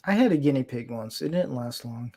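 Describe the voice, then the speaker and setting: A man's voice: mid-range voice, animated, fairly quick, warm tone. A man hosting a casual chat. He rambles, chuckles often and makes fun of himself. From Florida, USA. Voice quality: rambling, chuckling, self-deprecating.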